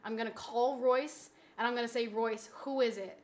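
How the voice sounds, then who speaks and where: A woman streamer in casual live-stream chat, pleading dramatically with her viewers and swinging from soft begging to loud shouting. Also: a little high, steady tone, moderate pace.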